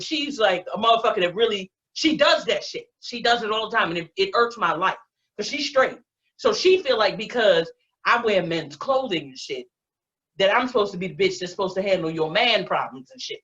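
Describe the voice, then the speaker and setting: This Baltimore stand-up comic, a woman in her forties, speaks in a mid-range, somewhat bright voice. Her comedy set is brash and profane storytelling, and the online stream audio sounds muffled.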